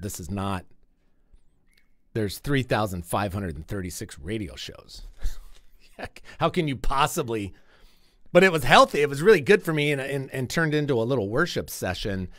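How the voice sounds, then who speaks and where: A man's voice: on the low side, fairly bright tone, no room sound. A middle-aged man hosting a radio show, talking in a casual, earnest and rambling way, often repeating words as he goes. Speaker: radio host. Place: radio studio.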